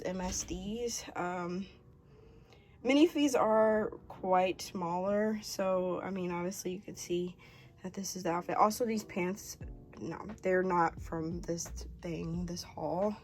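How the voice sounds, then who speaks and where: A woman's voice: medium pitch, slow pace. A young woman chatting casually in an unboxing vlog, gushing and gasping, full of fillers, sometimes dropping to a whisper. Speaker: vlogger.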